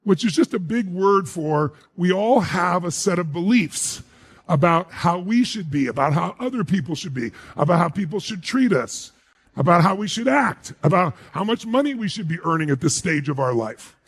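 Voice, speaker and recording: A man's voice: sits high, expressive, normal speed, breathy edge. A man giving a live motivational speech to an audience, emphatic and full of rhetorical questions. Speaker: motivational speaker.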